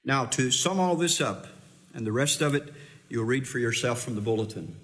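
A man's voice: mid-range voice, expressive, normal speed, a bit bright. A middle-aged male pastor preaching a sermon in a folksy, teasing, emphatic way.

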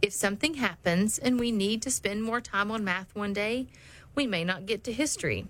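A middle-aged mother giving calm, reassuring advice about homeschooling in a scripted talk. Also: medium pitch, moderate pace, rough recording.

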